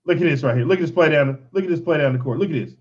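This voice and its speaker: Fan show host, man, slightly high voice, exasperated joking delivery, dull lo-fi recording. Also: racing, darkish tone. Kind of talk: casual sports chat with highlight commentary.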